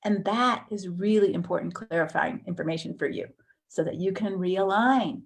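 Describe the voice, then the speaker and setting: A woman teaching a counseling course in a conversational way, acting out inner thoughts with sudden jumps in pitch. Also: moderate pace, creaky.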